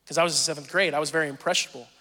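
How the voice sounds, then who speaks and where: A man in his thirties with a Southern accent, preaching a sermon and telling animated, self-deprecating stories from his own life. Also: on the high side, rapid-fire, in a large hall. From Southern Missouri. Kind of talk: sermon with personal storytelling.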